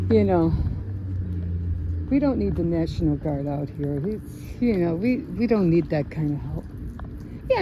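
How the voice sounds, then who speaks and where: A woman from the Chicago area vlogging casually on a walk with her dog, rambling and searching for words with lots of fillers. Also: mid-range voice. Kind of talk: casual vlog chat while walking. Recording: noisy outdoor phone recording.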